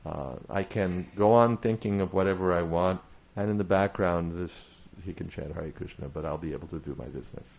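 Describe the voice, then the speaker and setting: A man giving a devotional talk on chanting, speaking in a measured way, pausing often with "uh" and repeating phrases for emphasis. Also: deep voice, creaky, phone-quality sound. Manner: measured, repetitive emphasis with frequent "uh" pauses. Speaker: spiritual teacher.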